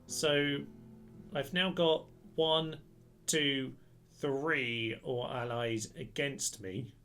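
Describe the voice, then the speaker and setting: Host type: man in mid range, casual let's-play commentator, gets excited and shouty at the troops, guitar track loud under him. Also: medium pitch, drawn-out words. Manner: chatty and excitable, cheering his troops on. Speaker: gaming channel host. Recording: gameplay commentary with loud music behind. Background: guitar music.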